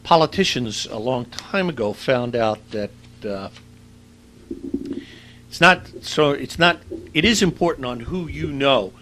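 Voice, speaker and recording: Bright-voiced male lecturer, chatty, faint hum. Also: mid-range voice, rough recording. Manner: conversational, anecdotal, with frequent fillers. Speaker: university lecturer. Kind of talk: recorded lecture.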